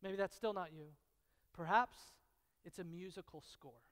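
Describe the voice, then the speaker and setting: A pastor preaching a sermon, telling stories with repetition and dramatic pauses, swinging from hushed, intimate lines to loud, excited bursts. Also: male voice, high voice. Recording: long reverb of a large hall.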